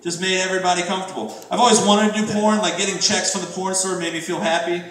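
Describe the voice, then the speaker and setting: A middle-aged man performing a crude stand-up comedy set, jumping into shouted high-pitched impressions. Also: fairly even intonation, fast, far from the mic. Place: comedy club stage. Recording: very echoey room from afar, faint noise.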